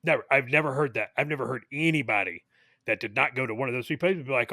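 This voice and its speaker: A man's voice: medium pitch, fast, pushed and bright, dry recording. A man co-hosting a casual podcast, talking in an emphatic, indignant way. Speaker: podcast co-host. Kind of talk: casual chat.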